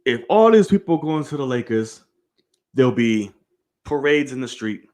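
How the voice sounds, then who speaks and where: Male sports-stream host, lively swinging delivery, heated and profane. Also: mid-range voice, normal speed. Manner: animated, profane, heated opinions; addresses viewers directly. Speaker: host of a live sports show. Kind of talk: live-streamed sports rant.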